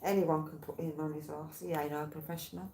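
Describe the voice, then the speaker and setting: A woman's voice: deep voice, steady tone, fast, darkish tone, slight background noise. A woman in casual chat, telling meandering, tangent-hopping stories and swearing freely. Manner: rambling, tangential storytelling with swearing. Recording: roomy, faint background ambience.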